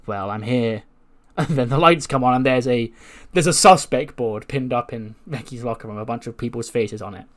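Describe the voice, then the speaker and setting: A man's voice: medium pitch, fairly even intonation, moderate pace, few pauses, a bit bright. A man casually narrating a wrestling management game, chuckling at his own storylines. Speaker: gaming channel host. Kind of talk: casual let's-play narration.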